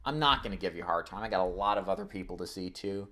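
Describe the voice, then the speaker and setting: A man's voice: low-pitched, very fast, pushed and bright. A man teaching insurance agents in a live online training, coaching with energy and acting out phone scripts. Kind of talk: live webinar sales training.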